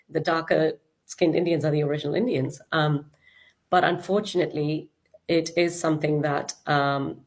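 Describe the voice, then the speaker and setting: A woman giving thoughtful, hesitant commentary with many pauses and fillers. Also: deep voice, a little mellow.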